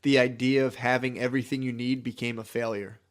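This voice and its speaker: A man with a mid-range voice musing out loud on a podcast. He rambles from thought to thought, padding his sentences with casual fillers as he drifts into half-joking philosophy. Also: medium pitch, flat delivery, a little fast. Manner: rambling, musing, heavy use of 'like' fillers. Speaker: podcast co-host. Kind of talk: casual comedic chat.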